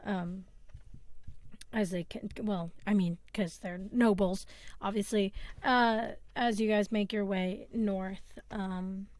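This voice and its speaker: A woman narrating as game master of a tabletop game, halting and full of fillers as she describes the scene. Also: medium pitch, steady tone, a little mellow, dry recording.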